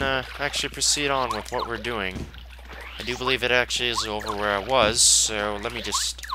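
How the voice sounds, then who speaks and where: A man giving casual let's play commentary, rambling and joking at himself. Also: mid-range voice. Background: game music.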